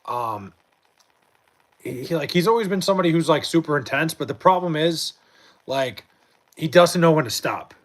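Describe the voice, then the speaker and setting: A man's voice: a little high, expressive, moderate pace, long pauses. Profane rambling young man streaming late. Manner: profane, rambling, many restarts and fillers. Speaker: livestream host reading chat. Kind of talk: casual late-night sports chat. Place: home at night.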